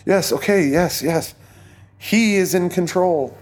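A man's voice: a little high, expressive, unhurried, darkish tone, voice pushed up. A man voicing a terrified middle-aged man in an audiobook, stammering and pleading in a raised, strained voice.

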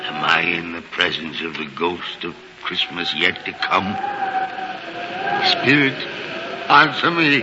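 An actor playing a frightened, pleading old miser in a 1940s radio drama, his voice broken and anguished. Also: fairly low pitch. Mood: fearful. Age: older. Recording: dull, hissy 1949 radio broadcast.

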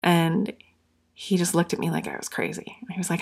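A woman's voice: fairly low pitch, level tone, moderate pace, creaky, in a whisper. A young woman hosting her own podcast, talking earnestly and openly, at times close to tears. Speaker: podcast host. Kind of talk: heartfelt solo podcast talk.

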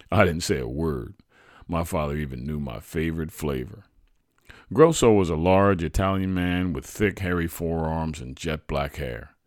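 A man reading his own true childhood story aloud in a measured, reflective way. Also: rumbling low, a little mellow, dry recording, clean studio sound. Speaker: storyteller, podcast host.

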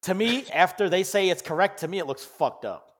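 A man's voice: high voice, animated, fairly quick, fairly bright tone. A man co-hosting a casual podcast chat, a laid-back storyteller who swears freely and laughs often. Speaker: co-host.

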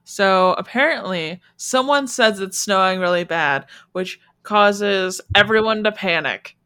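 Woman podcast co-host, bright tone, lively casual book chat. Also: mid-range voice, clear, resonant tone. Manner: animated, acts out characters in quick voices.

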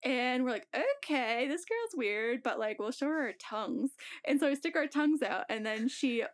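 A woman's voice: high-pitched, expressive, moderate pace. A young woman casually telling a story on a podcast, laughing often and acting out the voices she quotes.

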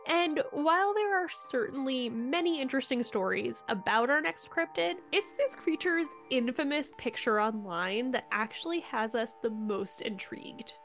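A woman co-hosting a casual podcast, chatty and quick to laugh at herself. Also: sits high, expressive, vocal fry, fairly bright tone, soft background music. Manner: chatty, laughs easily, self-deprecating. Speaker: podcast co-host.

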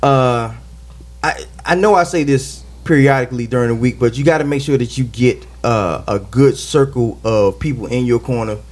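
A man's voice: medium pitch, moderate pace, darkish tone. A man hosting a casual podcast with friends, loose and emphatic, repeating phrases as he talks. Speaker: podcast host.

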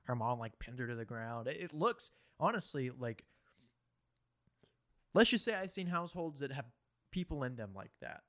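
A man's voice: mid-range voice, expressive, moderate pace, pauses often, fairly bright tone. A young man co-hosting a podcast who laughs easily, teases, and steers the topics. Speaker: podcast co-host. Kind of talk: casual chat.

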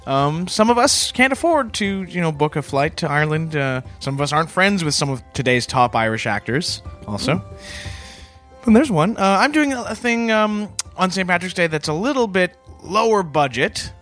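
Earnest, lively comedy podcast man. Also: high-pitched, moderate pace, faint music behind. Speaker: podcast co-host. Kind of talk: deadpan comedic podcast banter.

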